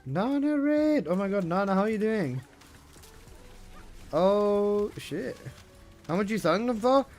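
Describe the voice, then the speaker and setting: A man's voice: sits high, a little slow, pauses often, soft background music. A man live streaming, chatting casually with his viewers, swearing and laughing often.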